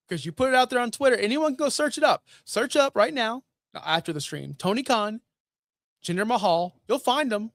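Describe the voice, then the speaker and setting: A man's voice: sits high, animated, moderate pace, a bit bright, dry recording. A man hosting a wrestling recap stream in a casual, ranting style. He repeats his points and fires off rhetorical questions. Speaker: wrestling show recap host.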